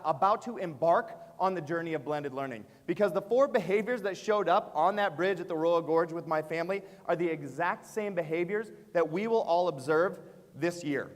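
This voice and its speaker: High-voiced man telling a story in a hall. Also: a little fast. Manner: animated storyteller, frequent "uh" and "right?". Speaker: education speaker and author. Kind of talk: storytelling keynote to teachers. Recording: long reverb of a large hall.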